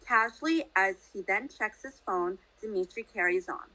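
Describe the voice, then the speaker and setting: Bright-voiced woman reading a story. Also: mid-range voice, expressive, a little slow, hardly any pauses, rough recording. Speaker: reader of an excerpt.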